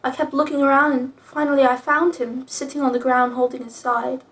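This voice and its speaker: A woman's voice: high-pitched, little pitch movement, a little fast, fairly bright tone. A young woman reading old fanfiction aloud with profane, snarky commentary. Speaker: video creator reading fanfiction.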